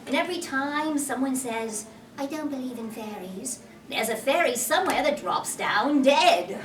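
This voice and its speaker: A woman's voice: high-pitched, lively intonation, moderate pace, a little hiss or hum. A woman voicing a cocky, boastful boy who never grows up, in a roomy hall from a distance. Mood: earnest.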